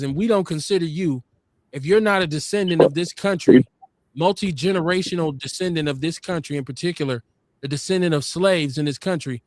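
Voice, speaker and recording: A man hosting a podcast, telling stories and arguing his points in an animated, emphatic way. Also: a little high, dry recording. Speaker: podcast host. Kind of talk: casual debate talk.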